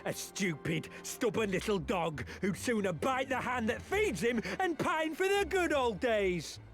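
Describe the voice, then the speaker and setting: A bullying imperial soldier from a video game, barking orders and sneering at those beneath him. His voice sits high and swings widely. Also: very animated, a little slow, a bit bright, soft background music, heavily acted. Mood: bitter.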